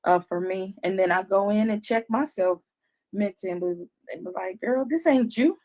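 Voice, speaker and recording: A woman's voice: medium pitch, steady tone, moderate pace, a little mellow. A woman co-hosting a casual podcast chat, speaking candidly and acting out her own self-talk. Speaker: podcast co-host.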